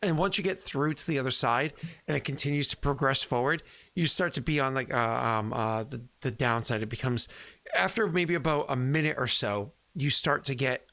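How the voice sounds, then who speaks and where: A man's voice: medium pitch, moderate pace, pushed and bright. A man running a tabletop game as game master, rambling with many fillers and frequent laughs.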